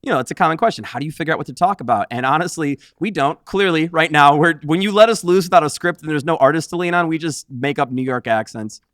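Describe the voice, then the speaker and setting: A man's voice: on the high side, fast, few pauses, fairly bright tone, no echo, clean studio sound. A man co-hosting a podcast, chatting casually and teasing his co-host. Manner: playful, teasing. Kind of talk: casual banter.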